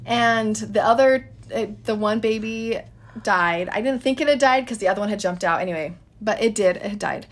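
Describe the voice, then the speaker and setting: A woman's voice: mid-range voice, moderate pace. A woman in her thirties telling a story in a casual, chatty way, addressing listeners as guys.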